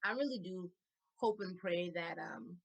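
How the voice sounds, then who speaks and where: Woman host, unhurried and affirming, lowish voice. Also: rough recording. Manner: slow, affirming listener. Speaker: podcast host. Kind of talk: casual interview chat.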